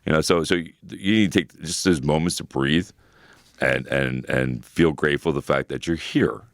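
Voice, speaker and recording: Very deep-voiced man, casual and animated. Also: normal speed, creaky, dry recording, clean studio sound. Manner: animated, swears freely, many "you know" fillers. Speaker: co-host. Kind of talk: casual podcast chat.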